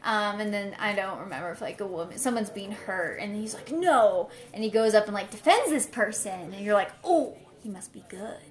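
A woman's voice: mid-range voice, brisk, hardly any pauses. A young woman co-hosting a casual chat, rambling and giggling as she guesses at a film's plot. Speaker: co-host.

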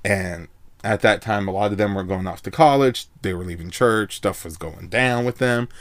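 A man's voice: on the low side, normal speed, dry recording. A man telling a long personal story in casual chat, rambling and laid-back, full of filler words.

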